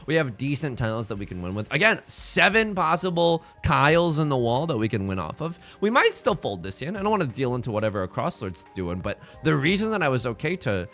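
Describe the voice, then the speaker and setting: A young man giving casual, playful commentary while he plays an online game, with jokey asides and sudden excited jumps. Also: mid-range voice. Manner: drops to a stage whisper at times. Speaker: let's play streamer.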